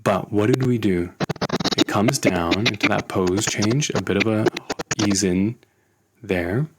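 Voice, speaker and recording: A man teaching animation in a screen-recorded tutorial, relaxed and thinking aloud as he works. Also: lowish voice, a little slow, very noisy. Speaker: animation instructor.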